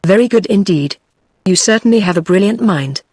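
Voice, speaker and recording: A woman's voice: medium pitch, a little fast, breathy edge, dry recording, studio quality. A text-to-speech woman's voice with a British English accent reading the lines of a vain, pompous male fox king in a storybook. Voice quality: even synthetic read-out.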